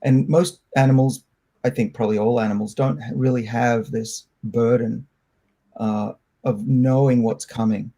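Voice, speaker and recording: A middle-aged man from Australia, a scientist answering interview questions in a candid, reflective, loose and halting way. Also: mid-range voice, fairly even intonation, gravelly, mellow. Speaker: scientist guest.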